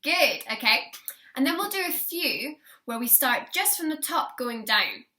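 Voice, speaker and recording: A young woman teaching a singing lesson, encouraging her students and demonstrating warm-up lines for them to copy. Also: high voice, very animated, unhurried.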